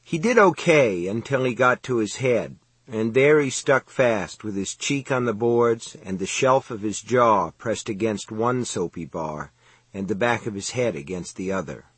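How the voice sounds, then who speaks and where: A man narrating a novel in measured, steady scripted storytelling. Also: on the low side, husky, dry recording. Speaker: audiobook narrator.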